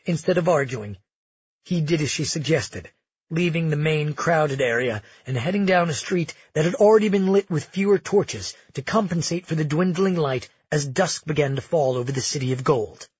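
A man narrating a fantasy audiobook in a steady, measured way. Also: a little high, husky, no echo, highs cut off.

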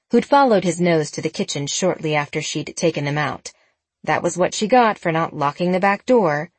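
Casting: female audiobook narrator, lower register, dry booth sound, shifts voice for each character. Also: no echo. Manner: shifts pitch for different characters.

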